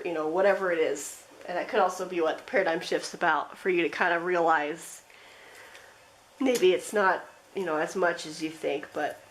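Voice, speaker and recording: A woman giving a pick-a-card tarot reading, talking in a gentle, rambling way with lots of fillers. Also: lowish voice, slight background noise, rough recording. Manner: rambling, gentle, with frequent fillers and soft laughs. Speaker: tarot reader.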